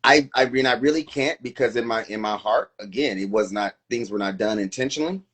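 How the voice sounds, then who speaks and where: A man's voice: medium pitch, brisk, a bit bright, breathy edge. A middle-aged man co-hosting a casual live-stream chat, talking in a reflective, earnest way. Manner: reflective, earnest, self-questioning. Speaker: co-host.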